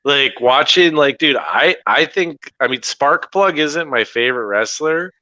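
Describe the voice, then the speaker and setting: Guy cohosting a wrestling podcast, super bright lively voice, cursing and laughing, dry mic. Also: medium pitch, unhurried, no room sound, muffled recording. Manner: laughing, profane, excitable. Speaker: podcast co-host. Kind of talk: casual chat.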